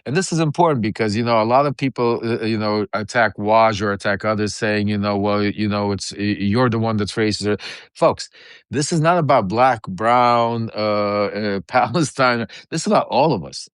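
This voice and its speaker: A man's voice: medium pitch, fairly bright tone, clear, resonant tone, no room sound, studio quality. A man hosting a political livestream, talking urgently and rallying his viewers with repeated questions. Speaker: livestream host. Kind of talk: impassioned political talk.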